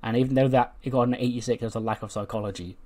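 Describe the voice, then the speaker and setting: Running through a wrestling management game, this gaming YouTuber chats casually at an ordinary middle pitch and a steady, darkish tone. Every so often he laughs and slips into quick voices to act out the wrestlers' lines.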